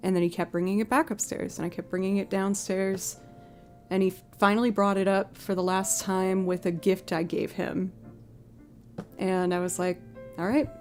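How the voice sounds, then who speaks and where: A woman in casual livestream chat, telling a story and slipping into the voices of the people in it with big leaps up in pitch. Her voice sits in a middle register, and faint music plays behind her. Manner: animated storyteller who acts out quotes with big pitch jumps. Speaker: streaming musician.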